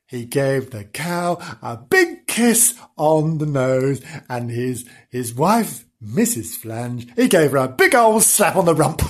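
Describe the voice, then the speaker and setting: A playful male storyteller makes up a comic tale as he goes, giggling and chatting with his listeners between the lines. His voice rises and falls a lot, at an unhurried pace with a breathy edge. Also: mid-range voice, sing-song.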